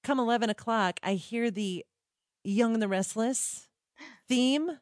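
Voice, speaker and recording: A woman's voice: a little high, steady tone, normal speed, dry recording, clean studio sound. A woman co-hosting a podcast in casual chat, telling stories and laughing often. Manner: chatty storyteller, laughs often. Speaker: podcast co-host.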